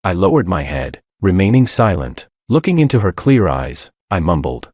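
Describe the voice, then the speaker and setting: Deep-voiced man narrating a story. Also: big pitch swings, moderate pace, hardly any pauses, darkish tone, dry recording, studio quality. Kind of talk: first-person story narration.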